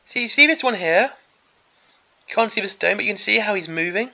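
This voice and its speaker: A man with a gravelly, crackly edge to his voice that sits a little high for a man. He has a bright, sharp tone. He rants through a preview in an exasperated, sarcastic way. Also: animated, a little fast. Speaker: miniatures hobby channel host. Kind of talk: ranting preview commentary.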